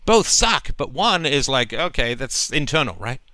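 A man's voice: mid-range voice, sing-song, normal speed, bright, forceful tone, no room sound. A male host talking emphatically in a long, flowing monologue, often checking in with "right?". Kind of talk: call-in conversation.

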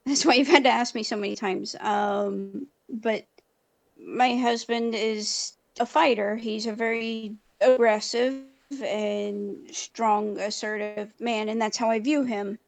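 A woman calls in to an advice show, her voice a little high. She speaks very slowly and haltingly, with many pauses and fillers, on a dry, close recording. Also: steady tone, no echo. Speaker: caller. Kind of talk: call-in conversation.

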